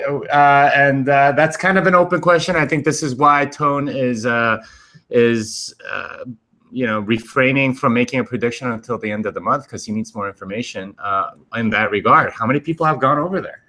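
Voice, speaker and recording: A man's voice: medium pitch, normal speed, bright, forceful tone. A man on a remote livestream panel, chatting casually and thinking aloud with many hesitations.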